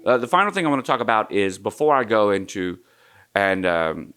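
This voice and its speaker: A man's voice: on the low side, very animated, fairly quick. A man giving a guitar lesson in an easygoing way, counting the strum pattern aloud. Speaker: guitar teacher. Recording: guitar playing under the voice.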